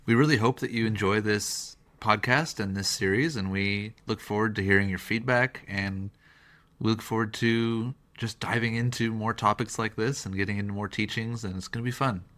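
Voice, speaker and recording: A man's voice: lowish voice, steady tone, normal speed, a bit bright. A man co-hosting a casual faith podcast, laid-back and dropping wry one-liners. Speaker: podcast co-host. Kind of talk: casual conversation.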